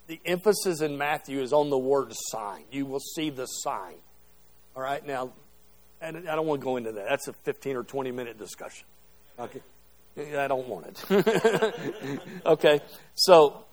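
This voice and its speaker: Man, middle-aged, Bible class teacher, conversational lecture, slightly high voice, checks in often. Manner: conversational, keeps checking understanding with "okay?". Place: classroom or church hall with a group.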